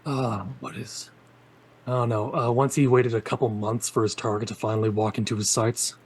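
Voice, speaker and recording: Husky man narrating his character. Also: mid-range voice, little pitch movement, moderate pace, darkish tone. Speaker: tabletop game player.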